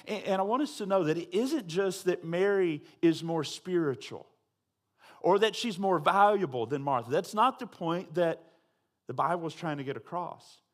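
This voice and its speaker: High-voiced man preaching conversationally. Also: animated, normal speed. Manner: conversational, with frequent tag questions to the congregation. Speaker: pastor. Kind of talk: sermon.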